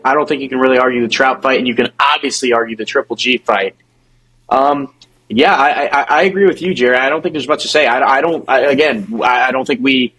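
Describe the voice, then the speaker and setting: A young man co-hosting a podcast, talking fast in a casual sports debate, often stumbling and repeating words as he restarts his thoughts. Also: medium pitch, fairly bright tone, poor audio. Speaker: podcast co-host.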